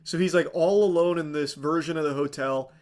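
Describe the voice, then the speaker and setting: A male streamer with a slightly high voice, recapping a film in a loose, rambling way. He sounds exasperated and sarcastic and swears freely, with "like" in nearly every sentence. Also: brisk, a little mellow. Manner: rambling with many fillers like "like". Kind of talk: casual movie recap on a live stream.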